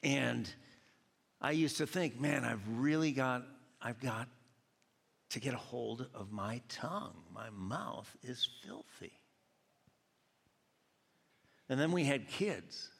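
Guy from georgia preaching, lively storytelling, big echoey church hall. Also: mid-range voice, slow pace, creaky, husky. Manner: animated storytelling with voiced quotes. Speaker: pastor. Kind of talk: sermon. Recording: long hall reverb.

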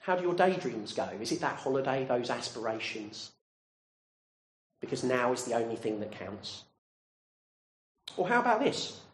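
Male preacher, earnest and questioning; lively delivery, roomy echo on the recording. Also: medium pitch, moderate pace, long pauses. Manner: earnest, direct questions to listeners. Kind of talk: sermon.

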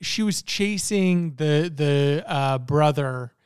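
On a laid-back TV show podcast, this male co-host muses aloud, his talk full of fillers and false starts. His voice is on the high side, slow and smooth, recorded cleanly in a studio with no room sound.

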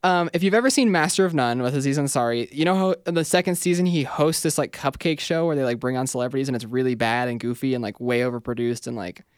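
A man's voice: mid-range voice, quick pace, hardly any pauses, clear, resonant tone, no room sound, studio quality. A man co-hosting a casual podcast chat, talking with lots of "like" and frequent laughter. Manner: animated, laughs often, heavy use of "like".

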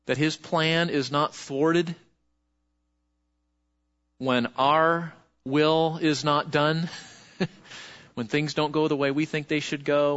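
A man preaching a sermon as pastor, lively and conversational, asking the congregation questions. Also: fairly high pitch, dull audio.

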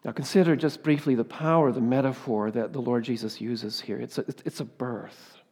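A male pastor preaching a sermon, swinging between loud, fervent emphasis and quiet asides, often ending points with rhetorical questions. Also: medium pitch, fairly even intonation, a little fast, slightly rough, long reverb tail. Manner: rhetorical tag questions and repeated exclamations.

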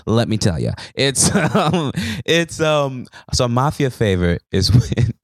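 A man hosting a podcast in casual chat, laughing often and jumping up in pitch when excited. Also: a little slow, dry recording, clean studio sound. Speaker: podcast host.

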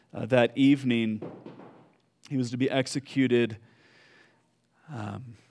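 A man preaching a sermon, telling a story slowly with fillers and pauses, dropping soft at solemn moments. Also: mid-range voice. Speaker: pastor.

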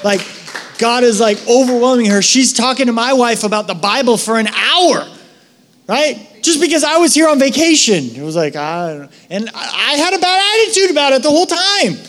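Middle-aged male pastor, high voice, preaching conversationally with casual asides. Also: big pitch swings, fairly bright tone. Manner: casual, storytelling, quick asides. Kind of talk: sermon.

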